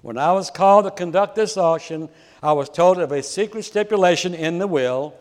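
A firm, persistent male auctioneer calls out bids insistently, played by a preacher. His voice runs a little high. A long hall reverb hangs behind each call. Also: normal speed, close to an everyday voice. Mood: solemn.

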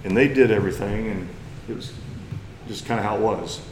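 Plain-spoken Missouri preacher in an echoey room. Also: male voice, on the low side, a little fast, background noise. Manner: plain-spoken, folksy, rising to emphatic bursts. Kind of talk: sermon lesson.

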